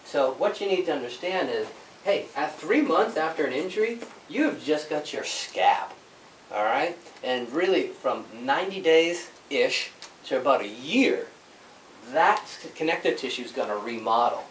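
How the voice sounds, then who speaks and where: A male chiropractor explains things to a small group in a loose, chatty way, tagging "all right?" onto his points. His voice sits somewhat high and comes from across a reverberant office room. A faint hum of room noise lies behind him. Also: moderate pace. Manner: conversational, keeps checking in with "all right?" and "right?"; animated storytelling with sound effects. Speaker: chiropractor giving a workshop. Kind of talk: informal health workshop talk. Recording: echoey room, mic at a distance.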